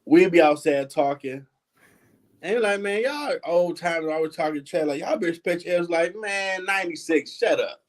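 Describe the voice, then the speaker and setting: A man's voice: on the high side, normal speed. A man, telling childhood stories as host in casual chat and acting out the voices of the people in them. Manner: animated, laughing, acts out quoted voices.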